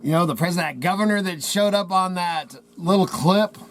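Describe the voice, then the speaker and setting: A man's voice: high voice, brisk, a bit bright, slight background noise. A man hosting his channel from a trading post, ranting in an agitated, rambling way with folksy slang about a cover-up. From Idaho. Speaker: channel host. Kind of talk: heated rant to camera.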